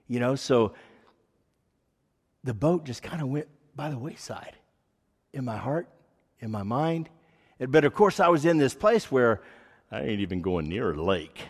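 In an echoey hall, a man with a mid-range, slightly rough voice delivers a sermon in the form of a personal testimony. His storytelling is earnest and rambling, full of fillers.

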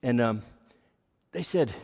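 A man's voice: mid-range voice, lively intonation, slow, creaky, darkish tone, husky. A man giving an earnest, rambling personal testimony as a sermon. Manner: rambling, earnest storytelling with frequent fillers. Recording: echoey hall reverb.

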